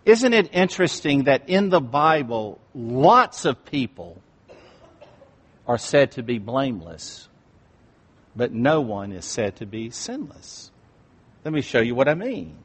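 A male pastor preaching a sermon, swinging from hushed asides to emphatic, rising appeals. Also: medium pitch, big pitch swings, measured pace, husky. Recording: reverberant hall.

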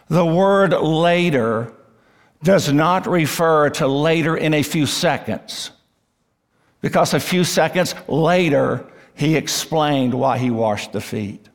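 Slow gravelly preacher in a hall. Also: male voice, a little high. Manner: emphatic, rising on key words, slow and deliberate. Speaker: pastor. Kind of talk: expository sermon. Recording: long reverb of a church hall.

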